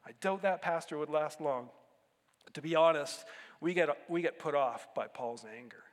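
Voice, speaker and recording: A man's voice: a little high, normal speed. Guy preaching a sermon, talks casual then punches words hard, echoey church hall. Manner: conversational, animated with bursts of emphasis. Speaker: pastor.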